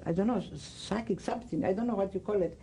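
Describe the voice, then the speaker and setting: An older woman with a Greek accent, giving oral history testimony in halting speech, often searching for words. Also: medium pitch, mellow, a little hiss or hum, poor audio. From Greece. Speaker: interviewee.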